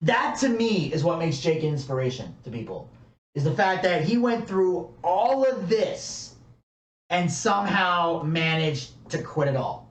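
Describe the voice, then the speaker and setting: A man's voice: on the high side, expressive, measured pace. A man co-hosting a podcast, telling a story casually with lots of fillers and swearing. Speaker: podcast co-host. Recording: echoey room, distant mic.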